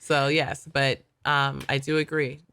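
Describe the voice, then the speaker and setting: Low-voiced woman co-host, laughing easily. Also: level tone, a bit bright, smooth. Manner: conversational, quick to laugh, agreeable. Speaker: podcast co-host. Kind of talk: casual faith podcast chat.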